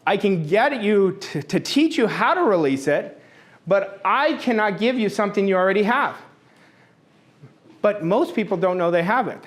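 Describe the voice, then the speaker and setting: Emphatic high-voiced male coach. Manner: emphatic, repeats key phrases. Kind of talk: motivational talk.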